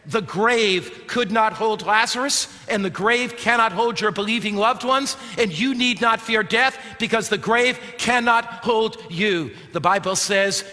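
A male preacher giving a sermon, dramatic, swinging from loud calls to hushed, quiet lines. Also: high voice. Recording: long hall reverb.

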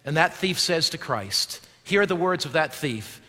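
A male pastor preaching a sermon, swinging from loud declaiming to a hushed near-whisper and asking his listeners rhetorical questions. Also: a little high, animated, unhurried, slight background noise. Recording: long hall reverb.

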